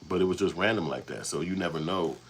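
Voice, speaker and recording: Man, very low pitch, from Chicago South Side, casual rambling storyteller, cursing freely. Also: quick pace, a little hiss or hum, rough recording. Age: adult, past young adulthood. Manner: rambling, profane, street-casual. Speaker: channel host.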